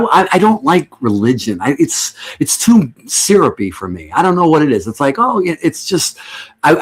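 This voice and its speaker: Sarcastic rambling middle-aged man. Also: medium pitch. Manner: sarcastic, joking, rambling with restarts. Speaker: livestream host. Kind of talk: casual rambling chat to viewers.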